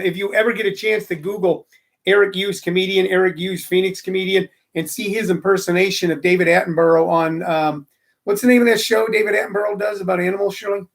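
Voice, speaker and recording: A man's voice: high voice, vocal fry. A middle-aged man hosting a casual live-streamed comedy radio chat, rambling with lots of fillers into a studio microphone. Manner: rambling, chatty, many fillers. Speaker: comedy radio show host. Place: room with phone and microphone.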